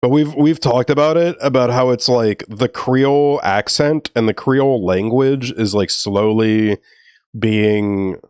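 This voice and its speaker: Chatty guy from new orleans, mid pitched, laughs a lot, rambles, dry no-room sound. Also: measured pace, a little mellow, smooth, no room sound. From New Orleans, Louisiana. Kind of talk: casual chat.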